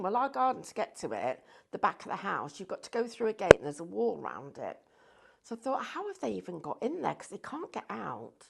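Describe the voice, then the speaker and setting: A woman's voice: fairly high pitch, fairly quick, creaky, breathy edge. A woman, presenting on a shopping channel and telling a funny story in casual chat. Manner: animated, laughs through the story.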